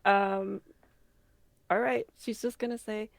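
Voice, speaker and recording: A woman playing a tabletop game, unhurried and hesitant as she thinks aloud. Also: medium pitch, steady tone, gravelly, no echo. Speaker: player.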